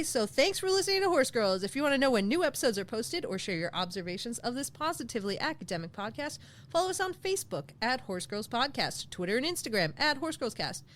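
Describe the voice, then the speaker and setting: A woman co-hosting a podcast, reading a playful outro with mock threats and quick jokes. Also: mid-range voice, fairly bright tone. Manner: mock-threatening, jokey plugs. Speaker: podcast co-host.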